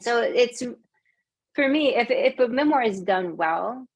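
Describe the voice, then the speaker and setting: A woman's voice: on the high side, expressive, measured pace, creaky, husky, no echo. A woman author talking in a casual, chatty way on a video call, often saying "like". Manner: conversational, chatty, uses "like" often. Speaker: memoir author guest.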